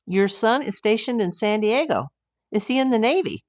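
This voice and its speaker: A woman's voice: fairly high pitch, animated, normal speed, no room sound, studio quality. An older American woman hosting a casual livestream, chatting in a rambling way and reading viewer comments aloud. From United States. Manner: chatty, rambling with asides and fillers. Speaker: livestream host.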